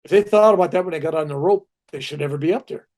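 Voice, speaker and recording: Older male storyteller, gravelly low-key voice, lively acted-out quotes, conversational. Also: racing. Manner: animated anecdotes with acted-out quotes. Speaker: spiritual teacher.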